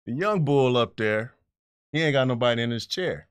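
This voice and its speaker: A man's voice: medium pitch, moderate pace, clean tone, dry recording, clean studio sound. A middle-aged man telling a long story on a podcast in casual, profane chat, acting out the voices of the people in it. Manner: animated, profane, acts out voices in his stories. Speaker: podcast co-host.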